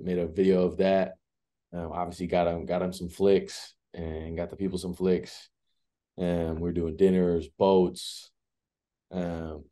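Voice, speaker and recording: A man in his twenties telling a story as an interview guest, relaxed and rambling with many filler words. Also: low-pitched. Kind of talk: casual storytelling.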